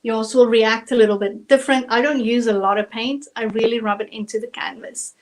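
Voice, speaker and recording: A woman's voice: fairly high pitch, fairly even intonation, fairly quick, poor audio. A woman from South Africa with a South African accent, chatting through a live acrylic painting tutorial step by step. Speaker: painting instructor.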